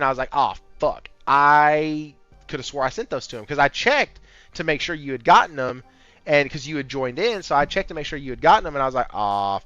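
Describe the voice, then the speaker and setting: A man hosting a casual gaming podcast, talking in an amped-up, high-energy way and swearing freely. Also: fairly bright tone, no echo. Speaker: podcast host. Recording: slightly muffled audio with faint background music.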